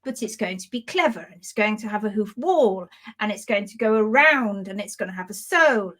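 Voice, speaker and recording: A woman teaching hoof care in a live demonstration, explaining with animated, playful storytelling. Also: medium pitch, moderate pace, few pauses.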